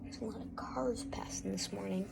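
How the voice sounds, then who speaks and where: A woman hosting a casual spoken tutorial, talking haltingly with fillers and restarts. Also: medium pitch, creaky, in a whisper. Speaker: YouTube voice tutorial host.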